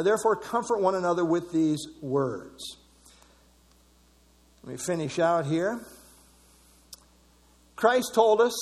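High-voiced man preaching in a hall. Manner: conversational, repeats phrases for emphasis, chuckles. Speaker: pastor. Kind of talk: sermon.

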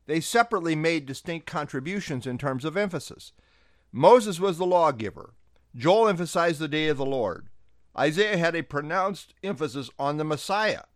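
A male pastor delivers a devotional sermon with earnest conviction, leaning hard on key words. His pitch sits a little high for a man and swings widely as he preaches. The sound is dry and close, with no room echo. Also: a bit bright. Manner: earnest preaching with emphatic stresses.

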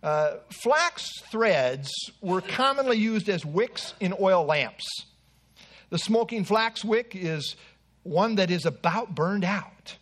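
A man's voice: high voice, lively intonation, slow pace. A man preaching an earnest expository sermon with asides to the congregation.

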